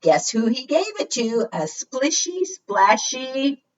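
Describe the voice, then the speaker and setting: Woman reading a picture book to little kids, slow and sing-song, very lively pitch, distant dull recording. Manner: sing-song, animated, coaxing audience participation. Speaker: children's librarian, storytime host. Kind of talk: reading picture books aloud to preschoolers. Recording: slightly distant, dull lo-fi sound.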